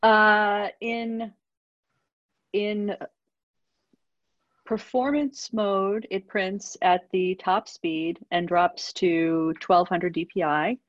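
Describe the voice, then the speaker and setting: A woman's voice: medium pitch, fairly even intonation, very slow, long pauses, no room sound. A woman answering audience questions in a webinar, hesitant, with many fillers and restarts. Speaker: industry analyst answering questions. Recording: dull lo-fi webinar audio.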